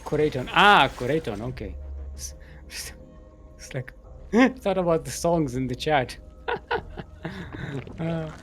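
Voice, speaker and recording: A man's voice: fairly high pitch, animated, takes it slowly, pauses often, fairly bright tone, soft background music. A man casting a live strategy game tournament, giving running commentary in a goofy, playful way and laughing at his own jokes. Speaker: esports caster.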